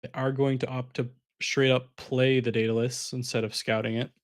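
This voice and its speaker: A man with a mid-pitched voice calls an online card game match live. He talks in a loose, chatty way, explains each play as it happens and turns to speak to the viewers in chat. He sounds a little sleepy. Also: little pitch movement, normal speed. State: sleepy, yawning. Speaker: caster.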